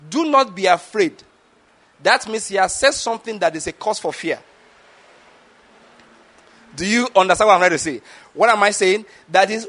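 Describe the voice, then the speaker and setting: Delivering a sermon meant to teach, this man keeps asking the congregation rhetorical questions and making sure they understand. His voice sits high and has a bit of brightness.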